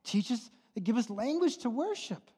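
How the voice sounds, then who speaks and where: High-voiced man preaching with fiery passion. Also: animated, normal speed, breathy edge. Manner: impassioned, swings from hushed to near-shouting. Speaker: pastor. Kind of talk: sermon. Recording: long hall reverb.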